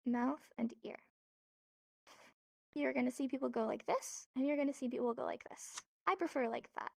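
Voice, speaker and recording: A woman's voice: high-pitched, steady tone, moderate pace, gravelly, darkish tone, no room sound, studio quality. A woman teaching a sign language class, patiently repeating each word and explaining each hand motion step by step. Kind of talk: instructional lesson. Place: virtual reality social space.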